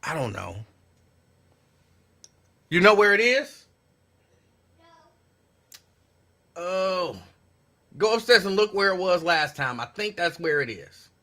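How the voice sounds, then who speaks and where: A man hosting a casual live talk show from home, reacting with animated disbelief to viewers' comments. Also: sits high, slow, long pauses. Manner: animated, incredulous, talks back to viewers' comments. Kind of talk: casual live-stream chat.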